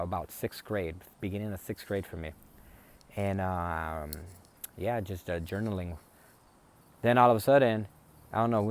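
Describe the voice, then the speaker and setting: A man telling a personal family story in a rambling, conversational way, full of restarts. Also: sits low. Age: adult, a father.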